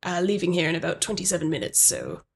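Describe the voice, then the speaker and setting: A woman voicing a fussy, hurried manager with a put-on British accent, hesitant and formal. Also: fairly low pitch, huge pitch swings, creaky, slightly rough, pitched below the performer's own voice, exaggerated voice. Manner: hesitant, lots of ums, formal.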